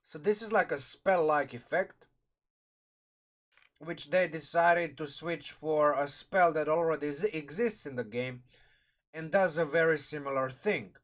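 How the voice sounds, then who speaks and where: A man's voice: a little high, unhurried, a bit bright. Rambling man thinking aloud on stream. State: eating while talking, mouth full. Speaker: streamer reviewing a game sourcebook. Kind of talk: casual live-stream commentary.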